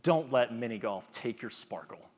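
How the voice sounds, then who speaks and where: A man voicing a female TV interviewer who gently coaxes a contestant, in an echoey hall. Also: mid-range voice, animated, normal speed, breathy edge, pitched below the performer's own voice. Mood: coaxing. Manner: coaxing, gentle.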